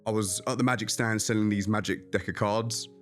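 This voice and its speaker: A man who is a magician, telling anecdotes in a casual interview, animated and chatty. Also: lowish voice, fairly quick, faint music behind. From England. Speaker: magician guest.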